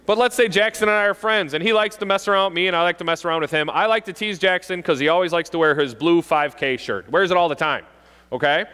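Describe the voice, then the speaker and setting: Cop guy talking to a school crowd, jokey, acting out kids, kinda high voice, big echoey hall. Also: fast, clean tone. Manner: jokey, animated, acts out kids' voices. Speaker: police officer speaking to a school audience. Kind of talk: school assembly talk. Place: school gym or auditorium. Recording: long reverb of a large hall.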